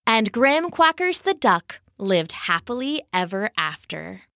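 A woman reading a children's story aloud, taking her time with each line. Her pitch swings lively and expressive, and her tone is bright and clear. The recording is dry and close. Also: a little slow, dry recording.

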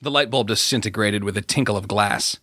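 A man narrating an audiobook in an even, expressive storytelling manner. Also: on the low side, fairly quick, no echo, studio quality.

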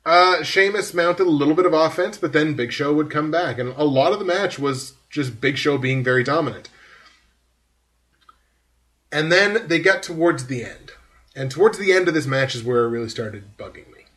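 A man's voice: a little high, normal speed, fairly bright tone. A man hosting a podcast, giving a rambling, filler-heavy breakdown in casual chat. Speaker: podcast host.

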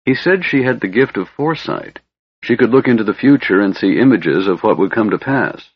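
A man's voice: lowish voice, lively intonation, fairly quick, husky, pitched above the performer's own voice. A man voicing an earnest young elf woman who presses with pleading questions, on a dull lo-fi recording.

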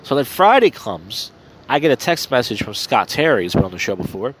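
Very animated and fairly quick, a man with a medium-pitched, slightly bright and slightly rough voice hosts his own podcast. Walking outdoors on a street at night, he rambles casually through his week alone, peppering it with fillers and swearing.

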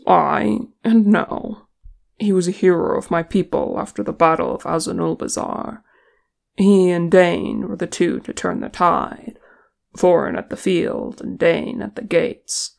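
A reader voicing a gruff, teasing male dwarf warrior who is tired and speaks bluntly, with a grumbling manner. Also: medium pitch, animated, measured pace.

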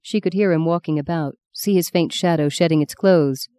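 A woman narrating an audiobook in a steady, measured storytelling voice, close to the mic. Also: on the low side, clear, resonant tone, no echo. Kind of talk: scripted narration.

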